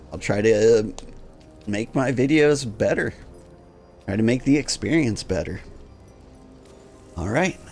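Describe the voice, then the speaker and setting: A man giving relaxed, chatty commentary while playing a video game and thinking aloud. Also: mid-range voice. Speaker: gaming streamer. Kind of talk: casual gameplay commentary.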